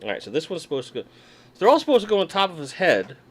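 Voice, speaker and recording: A man's voice: a little high, wildly swooping pitch, racing, a bit bright. A man hosting a casual livestream from his desk, chatting and joking with viewers while unboxing toys. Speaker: livestream host. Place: home room at a desk.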